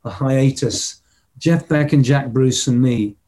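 A man's voice: mid-range voice, takes it slowly, mellow. An older man, an interview guest, telling stories in a casual way and vocally mimicking drum patterns. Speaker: interview guest, rock drummer.

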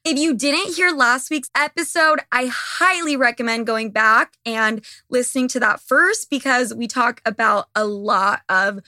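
A woman's voice: fairly high pitch, a little slow, few pauses, pushed and bright, no echo, clean studio sound. A young woman hosting a podcast, talking bluntly and with lots of swearing, her voice a bit worn. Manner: blunt, profane, gossipy. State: losing her voice. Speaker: podcast host. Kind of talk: casual monologue to listeners.

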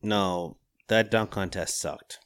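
A blunt man on a sports podcast who swears freely as he argues. His voice is smooth and clean. The sound is dry. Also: lowish voice, slow pace, fairly bright tone, dry recording. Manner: blunt, profane. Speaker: podcast co-host. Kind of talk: casual sports chat.

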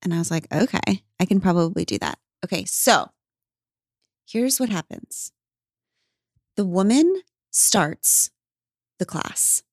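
A woman in a relaxed podcast conversation, telling a personal story with candid humor and the odd swear. Her voice sits at an ordinary middle pitch. She is recorded close up, with a dry, unroomy sound. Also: slow pace, pauses often, no room sound. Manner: candid, swears, acts out her own past lines. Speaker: podcast guest. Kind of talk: casual storytelling chat.

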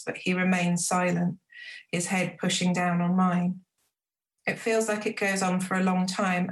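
Woman author reading in a roomy space. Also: fairly low pitch. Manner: measured, reflective reading. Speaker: novelist reading her own book. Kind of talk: book reading and interview. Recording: roomy echo.

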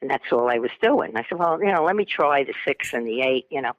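A woman's voice: very deep voice, quick pace, no room sound. Chatty older woman on a muffled phone line. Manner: chatty, animated storyteller, laughs often. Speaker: phone-in guest, host's mother. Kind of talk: storytelling on a phone call.

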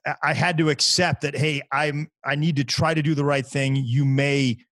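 A man's voice: on the high side, normal speed, no room sound. A man who is a stand-up comedian, telling stories in casual podcast conversation, stumbling over and repeating words as he talks. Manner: animated, repeats words, lively impressions in stories.

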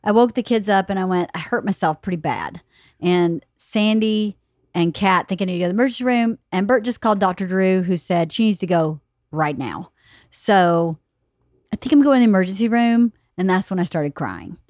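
A woman's voice: medium pitch, normal speed, no echo, clean studio sound. Chatty woman in her fifties hosting. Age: 50s. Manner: animated storyteller, laughs often, quotes others. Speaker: podcast host. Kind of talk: casual chat.

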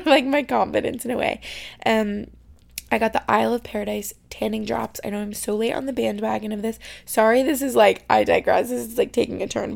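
A young woman from New York State chatting casually as a podcast host, full of "like" fillers and sometimes dropping into soft, whispery asides. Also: fairly high pitch, creaky. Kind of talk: casual chat. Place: her bedroom.

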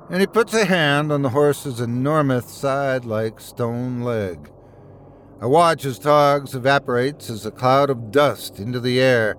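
Male horror narrator, first person, measured and steady, mid pitch. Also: a little hiss or hum.

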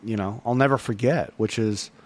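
A man's voice: on the low side, normal speed, darkish tone. A man hosting a solo podcast recap, talking in an earnest, rambling way with lots of fillers and restarts. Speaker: podcast host.

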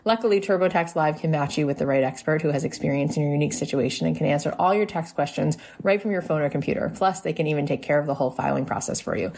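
A woman host reading a sponsor message in a brisk, upbeat way. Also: deep voice, creaky, a little mellow. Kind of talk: read sponsor spot.

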